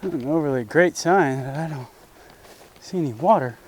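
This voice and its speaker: Speaking at normal speed in a voice on the high side, a man narrates a DIY job in an orchard for his homesteading vlog. He muses out loud while he works and talks to his dog, with a little hiss or hum in the background.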